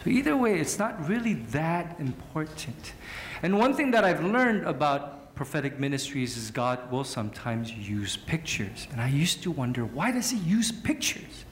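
Animated storytelling male pastor, echoey room. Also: on the high side, normal speed, a little hiss or hum. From Southern California. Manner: animated storyteller, jokey and self-mocking. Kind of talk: sermon.

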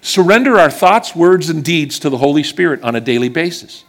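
A man's voice: expressive, brisk. Earnest man preaching a sermon. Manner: earnest and emphatic, drops low and quiet on key words. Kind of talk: sermon with personal stories. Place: church service before a congregation.

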